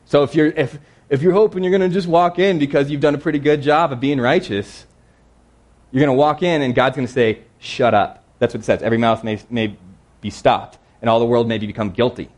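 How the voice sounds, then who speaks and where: A man preaching a sermon in a conversational, earnest way, slowing down to read scripture verses. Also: medium pitch, fairly even intonation, darkish tone.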